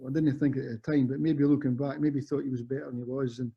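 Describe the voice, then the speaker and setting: A man's voice: medium pitch, flat delivery, fast talker, vocal fry, breathy edge. A Scottish man in his fifties, a former footballer and guest, telling rambling stories that often correct themselves. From Scotland. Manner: rambling, self-correcting storyteller. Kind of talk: casual chat. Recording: muffled lo-fi audio.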